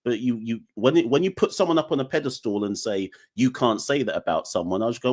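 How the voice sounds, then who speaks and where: A man's voice: medium pitch, quick pace, hardly any pauses. Young guy w hosting a live podcast, defiant and jokey, voice bouncing all over. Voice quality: animated, defiant, joking ranting. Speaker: podcast host. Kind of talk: live call-in show chat.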